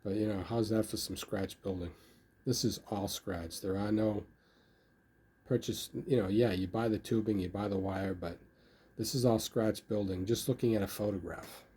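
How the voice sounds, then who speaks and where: A man's voice: lowish voice, fairly even intonation, moderate pace, mellow, slight background noise. An older man casually talking about his model building, rambling and filling his speech with "you know.". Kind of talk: casual hobby video talk.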